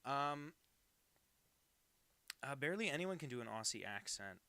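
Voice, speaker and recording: A young man hosts a live drawing stream, chatting loosely and poking fun at himself as he reads viewer messages aloud. His voice has a gravelly, fry-laden edge and a bright, forward tone. The sound is dry and close, with no room around it. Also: medium pitch, sing-song, a little slow, long pauses, no echo. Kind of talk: casual live-stream chat while drawing.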